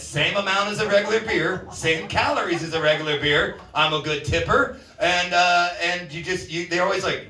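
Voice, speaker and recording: A man's voice: a little high, sharp tone. A man from Alaska doing a stand-up comedy set at a bar open mic, rambling from one joke to the next with lots of profanity and self-mockery. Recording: roomy bar sound from a distance.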